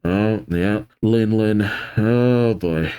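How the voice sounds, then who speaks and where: A man's voice: lowish voice, very slow, clear, resonant tone. A man hosting a casual manga reaction, reading aloud and reacting as he goes. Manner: animated, reads aloud and reacts.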